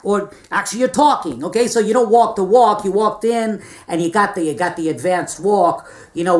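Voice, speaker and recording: A man giving a comic seminar lecture, coaching in a cocky, condescending way. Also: high-pitched. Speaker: seminar speaker.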